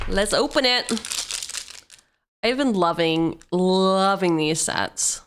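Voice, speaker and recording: A woman's voice: medium pitch, animated, takes it slowly, long pauses, fairly bright tone, slight background noise. A woman streamer chatting casually and joking as she opens card packs on a livestream. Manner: playful, jokey asides, sings snatches of song.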